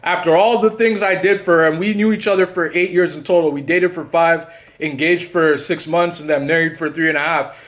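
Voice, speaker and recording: A man's voice: steady tone, brisk. Rambling man talking to camera. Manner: rambling, restarts and repeats words often; drops quiet and low when retelling conversations. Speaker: channel host and narcissism coach. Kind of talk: casual talking-to-camera monologue.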